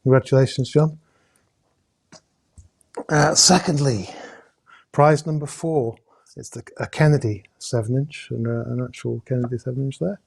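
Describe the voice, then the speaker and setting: A man's voice: mid-range voice, vocal fry, husky. Chatty man hosting a live raffle. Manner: chatty, halting with many uh's, jokey asides. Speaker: host drawing raffle prizes. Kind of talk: casual live-stream chat. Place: indoors at home with a camera crew.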